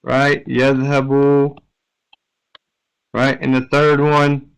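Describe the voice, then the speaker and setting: A man teaching a grammar class in a smooth, clear voice at a slow, unhurried pace. He breaks each rule down step by step and keeps checking with his listeners. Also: mid-range voice, little pitch movement, low-quality recording. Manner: explains step by step, often checking with "right?".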